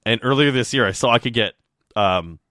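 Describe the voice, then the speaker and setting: A man's voice: mid-range voice, brisk, bright, forceful tone, no echo, studio quality. A young adult man co-hosting a podcast, chatting casually with musing asides. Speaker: podcast co-host. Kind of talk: casual chat.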